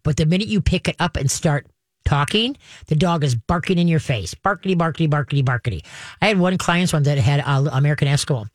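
A woman's voice: deep voice, no echo, studio quality. A woman hosting a pet advice show, talking through dog training steps in a chatty way, often saying "okay" and acting out dogs and owners. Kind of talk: call-in advice show talk.

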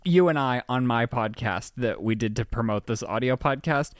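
A man's voice: medium pitch, normal speed, dry recording, studio quality. A young man co-hosting a podcast, protesting and defending himself in casual banter with laughing denials. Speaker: podcast co-host.

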